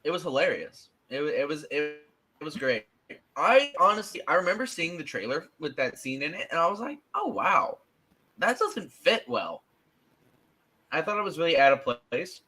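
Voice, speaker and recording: A man co-hosting a casual podcast chat, excitable and quick to act out his reactions with big jumps in his voice. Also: fairly high pitch. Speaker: podcast co-host.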